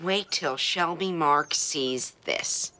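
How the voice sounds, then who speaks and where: A man's voice: fairly high pitch, slow, background noise. A young man playing a scheming, pompous young schemer in a sitcom, gloating and theatrical. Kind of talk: sitcom acting.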